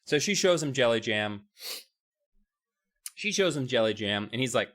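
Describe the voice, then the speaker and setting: A man's voice: medium pitch, expressive, normal speed, long pauses, fairly bright tone. A man in casual comedic chat, rambling and swearing as he retells scenes. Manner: retells scenes with quoted voices, rambling and profane. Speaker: podcast co-host.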